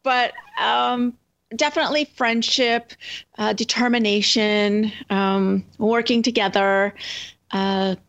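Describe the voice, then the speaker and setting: A woman's voice: a little high, steady tone, slow pace, fairly bright tone, lo-fi sound. A woman author talking as a guest in an interview, chatting loosely with many fillers. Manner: rambling, lots of fillers and restarts. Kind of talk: casual interview chat.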